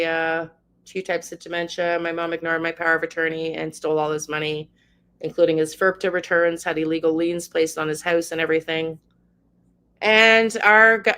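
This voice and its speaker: A woman's voice: fairly low pitch, fairly bright tone, smooth. A woman in her fifties, a channel host, speaking in an emotional monologue, ranting with passion and fighting back tears. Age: 50s.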